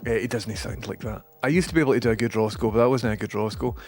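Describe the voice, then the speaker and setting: A man's voice: fairly low pitch, steady tone, racing. A man with a Scottish accent who streams, rambling casually and self-mockingly while reading out viewer messages.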